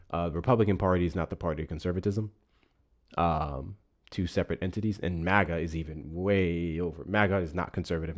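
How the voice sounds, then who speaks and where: A man hosting a live show, giving casual political commentary in an animated, profane rant. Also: deep voice. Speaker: livestream host.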